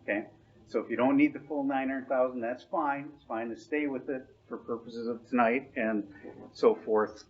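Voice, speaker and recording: A man's voice: mid-range voice, steady tone, normal speed. A man advising a board on finances, laying out the figures in a plain, matter-of-fact way. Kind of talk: briefing to a board. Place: board meeting room. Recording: dull meeting-room recording.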